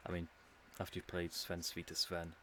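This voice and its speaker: A man's voice: low voice, monotone, normal speed, sharp tone, slight background noise. An English man streaming a game, musing and rambling in a casual commentary with dry humour. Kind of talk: casual commentary while playing.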